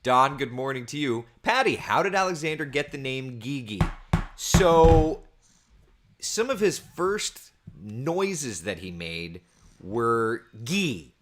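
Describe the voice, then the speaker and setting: A man talks through the weather in a relaxed livestream from home, with lots of tangents. His pitch rises and falls a great deal as he chats. He sits at his computer's built-in mic. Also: slow, a little hiss or hum. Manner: chatty and rambling, reading viewer comments aloud. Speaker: weather forecaster. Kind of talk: casual livestream forecast chat. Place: at home with his small children nearby. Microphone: computer camera mic.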